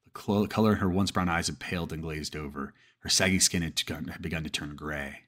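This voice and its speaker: Guy with a super deep voice reading a creepy story pretty fast, steady, trips over a word here and there. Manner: steady first-person reading with occasional restarts. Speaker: horror story narrator. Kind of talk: horror story narration.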